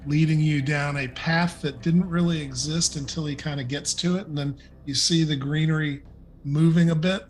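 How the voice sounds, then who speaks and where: A man narrating a tabletop game as dungeon master, in a relaxed, descriptive way with frequent fillers. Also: a little high, moderate pace.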